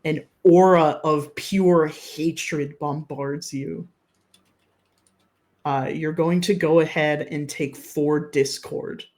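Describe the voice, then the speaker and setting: A man's voice: a little high, steady tone, a little mellow. A man narrating and explaining rules as game master of a live-streamed tabletop game. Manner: measured, explains rules patiently. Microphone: streaming setup.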